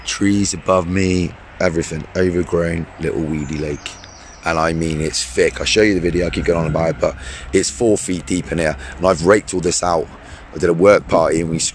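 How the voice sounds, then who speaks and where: A man with a hoarse voice from a cold, chatting casually and cheerfully into a handheld camera beside a small overgrown lake. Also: sits low, darkish tone, a little hiss or hum. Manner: upbeat, rambling, laughs often. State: hoarse, losing his voice from a cold. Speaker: fishing vlogger.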